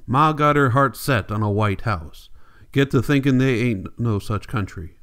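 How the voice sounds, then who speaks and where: A man's voice: mid-range voice, a little slow, a bit bright, natural voice. A man reading the part of a restless young farmhand in plain rural folk speech. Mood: wondering.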